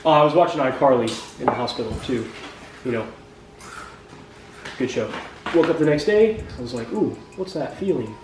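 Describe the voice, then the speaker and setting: A man telling a funny personal story, with jokey deadpan asides and acted-out sound effects. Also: mid-range voice, normal speed, long pauses, background noise. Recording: roomy echo from a distant mic with music behind.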